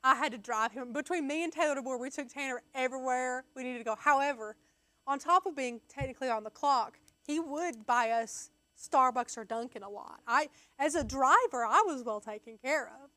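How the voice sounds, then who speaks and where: High-pitched young woman, chatty storyteller, laughs a lot, dry close mic. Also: fairly quick, bright, forceful tone, no room sound. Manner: chatty storyteller, acts out quotes, laughs often. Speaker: co-host. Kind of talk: casual livestream chat.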